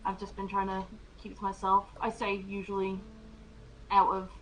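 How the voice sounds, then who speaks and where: A woman's voice: medium pitch, monotone, a little hiss or hum, low-quality recording. Hesitant woman role-playing a tabletop character. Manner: hesitant, many pauses and fillers. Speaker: tabletop game player.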